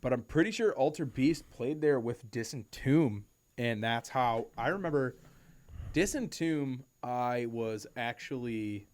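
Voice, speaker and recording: A young man co-hosting a podcast in casual chat, animated and swearing freely as he riffs. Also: medium pitch, a little slow. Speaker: podcast co-host.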